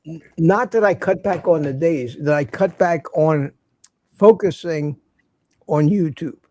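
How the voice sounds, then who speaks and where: A man's voice: a little high, a little slow, warm tone. An older man hosting a livestream, telling rambling stories in casual chat and laughing at his own jokes. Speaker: livestream host.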